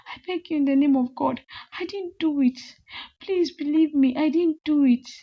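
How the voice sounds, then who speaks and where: A woman voicing a frightened young woman who pleads and insists over and over that she is innocent. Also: moderate pace. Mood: desperate. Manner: high, pleading, repeating herself. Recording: slightly muffled lo-fi audio.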